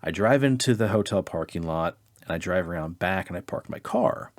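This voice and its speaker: Animated storytelling podcast man. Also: deep voice, moderate pace, no room sound, clean studio sound. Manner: animated, acts out quotes in a raised voice. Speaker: podcast co-host. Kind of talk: casual storytelling.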